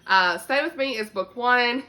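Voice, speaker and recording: A young Southern woman talks to her channel about books in a chatty, easygoing way and laughs often. Her voice is bright and lively, and her drawl stretches through every "y'all.". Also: on the high side, a little slow. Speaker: book vlogger. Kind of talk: casual chat to camera.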